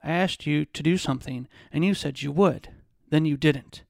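A man's voice: a little high, normal speed, vocal fry, dry recording, clean studio sound. A man reading as a cold, taunting bully. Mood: menacing. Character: menacing, controlling abusive man, cold and taunting.

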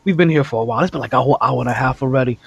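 A man's voice: mid-range voice, very fast, creaky, fairly bright tone, slightly rough, no room sound, highs cut off. A man hosting a casual sports podcast, laughing often and rambling, recorded on his phone. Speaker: podcast host.

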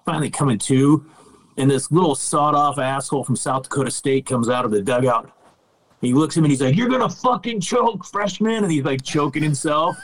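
A man's voice: mid-range voice, fairly bright tone, low-quality recording. A middle-aged man, a podcast guest, casually telling stories, laid-back, swearing freely and laughing as he goes. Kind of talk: casual storytelling.

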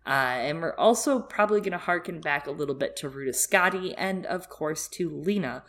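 A woman's voice: low voice, lively intonation, normal speed, a bit bright. A woman co-hosting a casual book discussion, chatty and rambling, with many fillers. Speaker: podcast co-host.

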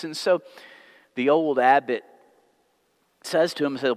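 A man's voice: on the high side, slow, long pauses. A man teaching a church class, telling a joke, then posing rhetorical questions in a conversational way with frequent restarts. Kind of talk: sermon-style teaching with a joke. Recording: long hall reverb.

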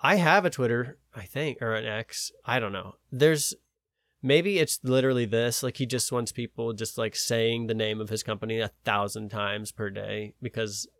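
A man's voice: mid-range voice, normal speed, fairly bright tone, dry recording, clean studio sound. A man co-hosting a podcast, rambling and searching for words in casual chat. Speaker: podcast co-host.

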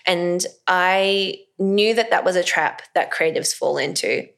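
Lively, playful woman talking. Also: fairly low pitch, unhurried, vocal fry. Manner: lively, playful, laughs often. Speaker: podcast guest, actor and filmmaker. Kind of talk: casual interview chat.

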